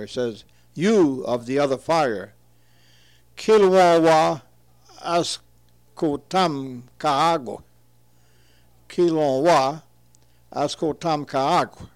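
A man's voice: medium pitch, a little mellow. A man reading aloud from his own translation of a word list, reading each entry, repeating words carefully and explaining them.

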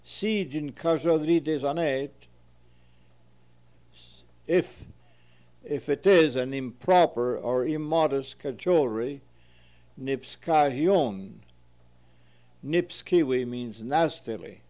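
A man slowly reading entries from an old dictionary aloud and translating them, pausing between each term. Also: a little high, a little mellow. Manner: measured, deliberate, pauses between terms. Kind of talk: slow reading of word lists with translations.

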